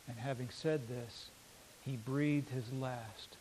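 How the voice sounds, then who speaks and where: A man preaching a sermon, reading scripture aloud slowly and swinging between loud emphasis and quiet intensity. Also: a little high, slight background noise, rough recording. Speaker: pastor.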